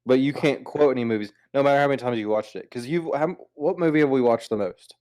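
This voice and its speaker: A man's voice: medium pitch, quick pace, darkish tone. A man hosting a podcast in casual chat, rambling and teasing his co-hosts with many restarts. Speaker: podcast host.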